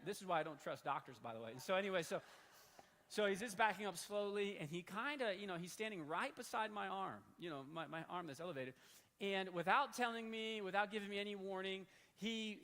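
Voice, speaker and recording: A man in his thirties preaching in a church hall, telling a story in an animated, conversational way. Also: sits high, fairly quick. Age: 30s. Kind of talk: sermon storytelling. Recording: long hall reverb.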